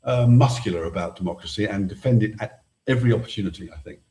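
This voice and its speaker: A man's voice: fairly low pitch, quick pace, mellow. Interview guest: man, pop musician, frank storyteller; echoey room recording. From England. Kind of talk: casual interview chat.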